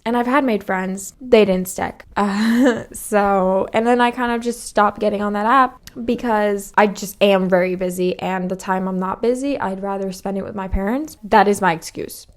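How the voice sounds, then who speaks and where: A young woman hosting a solo podcast, talking frankly and confessionally, swearing freely and acting out past conversations. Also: medium pitch. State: slightly out of breath. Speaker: podcast host. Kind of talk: candid solo podcast monologue.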